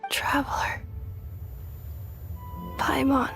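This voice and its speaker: A faint, whispering mystery girl. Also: fairly bright tone. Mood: eerie. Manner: halting and whispery. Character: mysterious faint young woman seeking someone. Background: game music.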